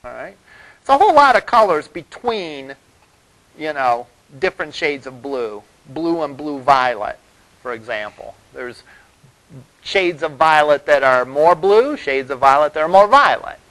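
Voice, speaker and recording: Chatty college lecturer, fairly high voice. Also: male voice, very animated, a little slow, a bit bright, low-quality recording. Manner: loose and conversational, many fillers and "all right?" check-ins. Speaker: college web development instructor. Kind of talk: classroom lecture. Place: classroom.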